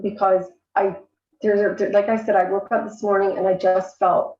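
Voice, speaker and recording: An earnest, candid woman talks as a guest on a podcast. Her voice sits at an ordinary pitch. The sound is roomy and a little dull, like remote audio caught in an echoey room. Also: flat delivery, moderate pace. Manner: earnest, candid, fillers like "you know". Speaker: guest, coach for abuse survivors. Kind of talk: casual podcast conversation.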